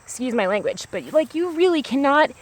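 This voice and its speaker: A woman's voice: sits high, very animated, brisk. A woman talking to a small camera outdoors on a grassy hill, in a rambling casual monologue full of "like" and restarts. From United States. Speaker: vlogger.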